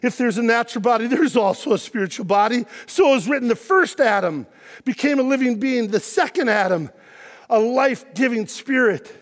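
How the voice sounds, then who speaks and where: A middle-aged man preaches from the pulpit in a very high, bright register. His delivery swells from steady reading to forceful, shouted declarations. The sound carries a long reverb from a large sanctuary. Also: normal speed. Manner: emphatic preaching, shouting at peaks, quiet when telling personal story. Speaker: pastor. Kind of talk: sermon.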